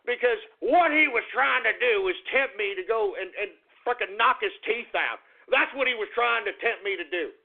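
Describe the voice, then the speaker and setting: Man, radio host, high gravelly voice, angry profane rant, tinny phone-line sound. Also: expressive, normal speed, few pauses. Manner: agitated, profane, repetitive rant. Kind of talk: ranting talk radio monologue.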